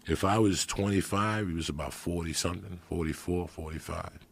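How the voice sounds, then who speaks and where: A middle-aged man, telling profane street stories on a podcast, swinging between loud bursts and hushed asides. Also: low voice, a little fast, vocal fry, slightly rough. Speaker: comedian guest. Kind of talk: storytelling podcast chat.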